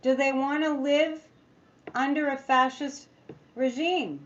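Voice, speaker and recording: Slow and steady in tone, a high-voiced woman psychic rambles through a casual livestream, the recording's highs cut off. As a tarot reader, she reads out viewer comments and adds sarcastic remarks.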